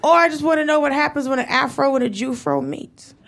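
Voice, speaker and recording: Woman, stand-up comic, gravelly voice, wry delivery, noisy live recording. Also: high voice, big pitch swings, brisk.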